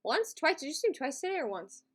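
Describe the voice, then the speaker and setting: A woman hosting a live stream from her home setup, talking casually to her viewers. She is chatty and laughs easily. Her voice sits a little high for a woman. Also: sing-song, brisk, a bit bright. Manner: chatty and giggly, talks to chat.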